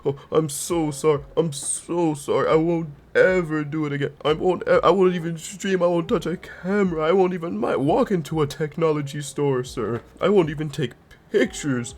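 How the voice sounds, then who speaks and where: A man voicing a whiny, guilty young man begging a judge for mercy in a high, stammering voice. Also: normal speed, darkish tone, natural voice. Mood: pleading. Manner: high pleading whimper, stammering apologies.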